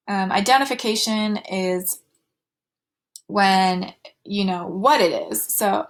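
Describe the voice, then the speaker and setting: A woman's voice: mid-range voice, steady tone, takes it slowly, fairly bright tone. A woman teaching a recorded slide lecture, with fillers and restarts, going sing-song when she models talk to children.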